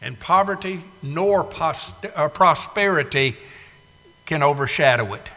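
A man pastor preaching a sermon, swinging from hushed asides to shouted emphasis, with drawn-out words and rhetorical questions. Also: fairly high pitch, animated. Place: church sanctuary. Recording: long reverb of a church hall.

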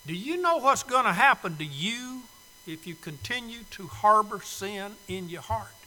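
A male preacher giving a sermon invitation in a church, pleading and swinging from loud urging to soft, hushed appeals. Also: sits high, lively intonation, a little slow, long reverb tail, rough recording. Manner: pleading, swells loud then drops soft. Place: church sanctuary.

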